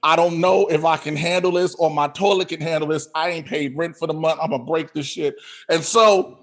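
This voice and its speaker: A man's voice: fairly high pitch, normal speed. A man co-hosting a comedy show on a video call, telling a story with lots of laughing and acted-out yelps. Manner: animated, laughing through the story, acting out his own shouts. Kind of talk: storytelling stand-up. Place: home setup on a video call. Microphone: video call mic.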